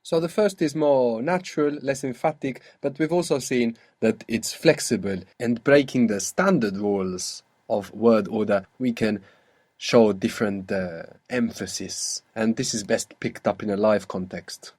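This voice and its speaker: A man's voice: lowish voice, measured pace, darkish tone, dry recording. Patient male language teacher. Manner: patient, explains grammar step by step, prompts the student. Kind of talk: guided language lesson.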